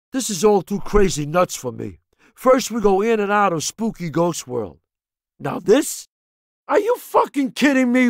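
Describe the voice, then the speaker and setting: An actor playing a tough, profane male mobster convict in a video game, talking with gruff swagger. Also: sits high, dry recording, clean studio sound, full character voice. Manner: gruff, swaggering, swears constantly.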